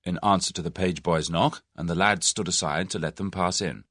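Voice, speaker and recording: A man narrating an audiobook novel in an expressive, measured storytelling manner. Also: low voice, no echo, clean studio sound.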